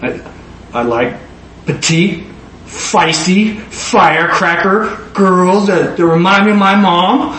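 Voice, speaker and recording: A man preaching a testimony in a rambling way, repeating words as he restarts. His voice sits high. The recording is echoey, with a faint background hiss. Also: takes it slowly, fairly bright tone. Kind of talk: sermon testimony. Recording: echoey room with faint noise.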